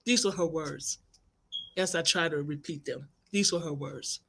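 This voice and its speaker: A middle-aged woman, a life coach and minister, telling inspirational stories in an animated, expressive way. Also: low-pitched, a little slow, a little hiss or hum. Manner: animated, expressive, acts out quoted voices. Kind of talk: inspirational storytelling broadcast.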